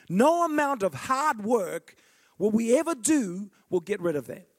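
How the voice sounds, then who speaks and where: A man preaches with real fervor, climbing to ringing declarations and then sinking to near-whispered asides. His voice sits high and swoops widely in pitch throughout. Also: sing-song, measured pace. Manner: passionate, swinging from loud declarations to hushed asides. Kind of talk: sermon.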